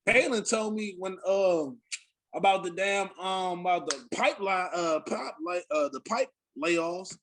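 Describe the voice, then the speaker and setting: A man's voice: high-pitched, unhurried, fairly bright tone, slight background noise. A young adult man on a podcast, telling casual, profane stories with lots of fillers. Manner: loose, profane storytelling with many fillers. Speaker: podcast host. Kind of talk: casual chat.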